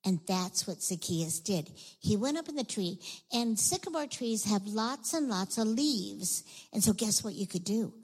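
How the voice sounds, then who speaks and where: Animated woman telling a children's Bible story. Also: medium pitch, unhurried, hardly any pauses, breathy edge, rough recording. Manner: animated, asks the children questions. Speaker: children's sermon leader.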